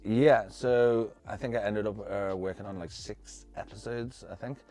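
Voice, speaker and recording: Deep-voiced rambling British man. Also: steady tone, normal speed, a little mellow, soft background music. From United Kingdom. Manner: rambling, many fillers and restarts, easygoing. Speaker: guest, actor and filmmaker. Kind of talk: casual interview chat.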